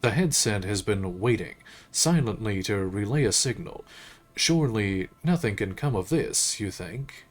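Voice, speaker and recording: A man streaming a game, reading its narration aloud in a measured, unhurried way with occasional slips. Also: fairly low pitch, expressive.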